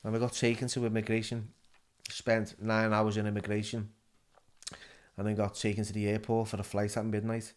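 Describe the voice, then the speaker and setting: A man's voice: lowish voice, completely flat delivery, moderate pace. A middle-aged man with a Liverpool accent, a guest telling his story in a casual interview, stumbling and repeating words as he goes.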